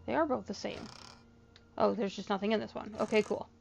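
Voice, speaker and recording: A sleepy woman playing a video game who talks through her thoughts and reads in-game letters aloud in a measured way. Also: mid-range voice, steady tone, gravelly, over music. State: sleepy, yawning. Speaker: let's play gamer. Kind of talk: casual gameplay commentary, reading in-game letters aloud.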